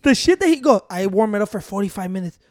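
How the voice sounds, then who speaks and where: A man's voice: high-pitched, expressive, quick pace, a little mellow. Profane, laughing code-switching man. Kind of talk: casual chat.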